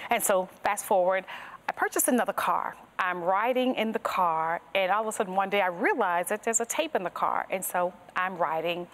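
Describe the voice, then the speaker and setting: A woman tells her faith testimony as a podcast guest, speaking earnestly and linking her story with "and so". Her voice sits at a mid pitch for a woman. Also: moderate pace, fairly bright tone. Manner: earnest storytelling, strings thoughts with "and so". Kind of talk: personal testimony in a podcast interview.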